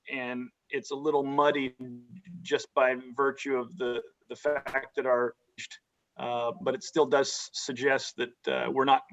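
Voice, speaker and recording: A man on a county board asking careful, measured questions in a public meeting, often restarting his sentences. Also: mid-range voice, fairly bright tone. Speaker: county supervisor. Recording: dull lo-fi meeting audio.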